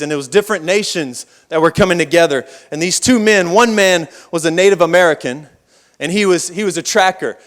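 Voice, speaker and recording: A man preaching a sermon at a church service, telling folksy stories with rambling asides. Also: fairly high pitch. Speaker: pastor.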